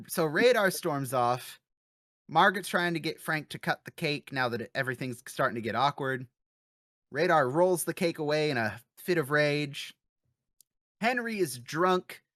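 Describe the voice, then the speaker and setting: A podcast host giving a lively, chatty episode recap, with frequent fillers and quick laughs. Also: medium pitch, dry recording, clean studio sound.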